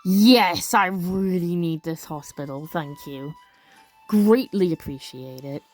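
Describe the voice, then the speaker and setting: Speaking slowly in a fairly low voice over soft background music, a woman narrates a let's play in a relaxed way. She reads game text out loud, gasps in expressive reactions, and chats along the way.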